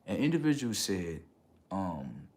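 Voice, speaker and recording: A man with a fairly low voice talks to his livestream audience in a loose, slangy ramble, tossing in "okay" and "right" after nearly every line. When he gets worked up, his voice climbs high and loud. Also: big pitch swings, a little slow. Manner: slangy, street-casual talk. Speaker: livestream host. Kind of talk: casual livestream rant.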